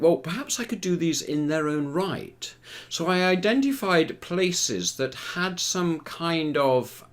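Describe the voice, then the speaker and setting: An older man, a retired theatre performer, telling long anecdotes about his career in a rambling, relaxed way with frequent fillers. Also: a little high. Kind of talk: relaxed storytelling interview.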